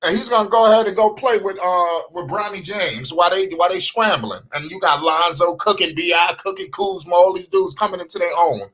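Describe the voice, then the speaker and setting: A high-pitched man hosts a loose live sports chat. He talks with lots of energy, swears freely, and keeps checking in with "you understand?". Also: brisk, few pauses. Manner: animated, profane, keeps asking "you understand?". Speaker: sports talk show host. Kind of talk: casual live sports talk.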